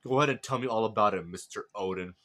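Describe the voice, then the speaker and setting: A man's voice: lowish voice, fast talker, fairly bright tone, natural voice. A man voicing a cunning, mocking male demon lord who talks in a casual, probing way.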